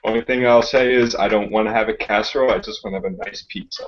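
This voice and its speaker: Man, podcast co-host, quick to laugh, dull audio, light background hiss. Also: on the low side, fairly even intonation. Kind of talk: casual chat. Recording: muffled audio with faint hiss.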